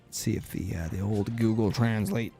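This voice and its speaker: A man's voice: lowish voice, steady tone, normal speed, mellow, faint music behind. A man hosting a gaming livestream, chatting casually and playfully sounding out words as he commentates.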